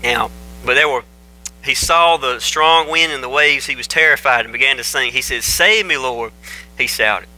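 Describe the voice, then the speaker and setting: Male pastor, very bright tone, easygoing joking sermon delivery. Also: mid-range voice, moderate pace, poor audio. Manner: folksy, joking, conversational storytelling. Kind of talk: casual folksy sermon. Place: church sanctuary. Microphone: microphone.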